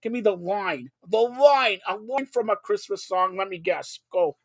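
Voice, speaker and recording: Excitable male talk host with a high voice, joking and repeating words. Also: moderate pace. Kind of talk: casual interview chat.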